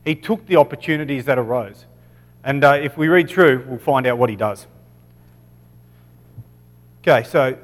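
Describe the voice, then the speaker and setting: A man with an Australian accent teaching from the Bible in a loose, chatty way, stopping often to check in and correct himself. His voice sits a little high. It rings out with the long reverb of a hall. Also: moderate pace, pauses often. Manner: casual, many "okay"s, self-corrections. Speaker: preacher.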